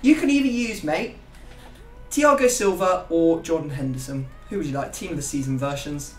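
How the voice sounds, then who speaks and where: Young man, casual gaming chatter, rambling, higher voice, roomy echo, set back from mic. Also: normal speed, distant mic, faint music behind. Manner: rambling, self-mocking banter. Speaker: YouTube gaming host.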